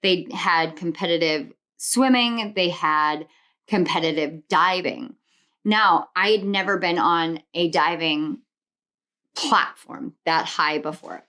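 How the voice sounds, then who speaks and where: With a lowish, sharp-toned voice and an unhurried delivery, this tarot reader leads a spiritual pick-a-card reading. Her manner is sincere and reassuring as she lines up affirmations rhythmically and strays into tangents about her own life.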